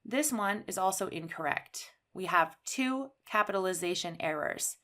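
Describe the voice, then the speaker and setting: Woman teaching English slowly and clearly. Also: mid-range voice, animated, pushed and bright. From Canada. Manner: slow, clear, stresses key words. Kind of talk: ESL grammar lesson.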